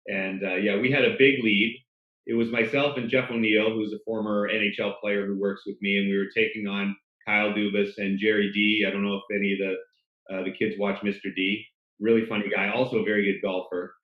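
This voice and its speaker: A man's voice: lowish voice, fairly quick, roomy sound, muffled recording. A middle-aged man, a sports broadcaster, telling self-deprecating stories in a casual interview. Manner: storytelling, self-deprecating, animated.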